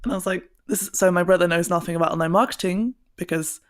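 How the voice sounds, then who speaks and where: A woman from Burnley in northern England co-hosts a casual podcast, chatting away, laughing and poking fun at herself while sounding a bit tipsy. Her voice is lowish and steady, and she talks quickly.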